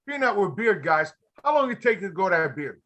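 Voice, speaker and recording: A man hosting a casual group chat, telling animated stories and acting out quotes. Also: sits high, a little fast. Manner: animated storyteller, acts out quotes.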